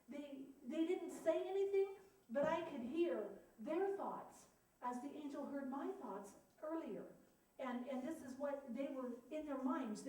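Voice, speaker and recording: A woman's voice: high-pitched, warm tone. Woman, earnest emotional testimony; distant mic, roomy echo. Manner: earnest, emotional, acts out her own thoughts. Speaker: storyteller giving a testimony. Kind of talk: personal dream testimony. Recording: echoey room from far off.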